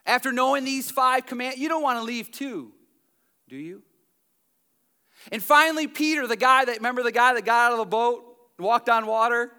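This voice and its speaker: A man preaching a sermon, animated and emphatic, dropping to quiet asides and near-whispers between loud passages. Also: extremely high pitch, normal speed, smooth. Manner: conversational asides with the congregation.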